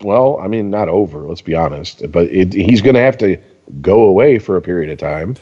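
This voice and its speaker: A man's voice: deep voice, brisk, breathy edge, long reverb tail, dull audio. A man ranting in profane casual sports chat as a podcast co-host. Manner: ranting, heavy swearing, animated.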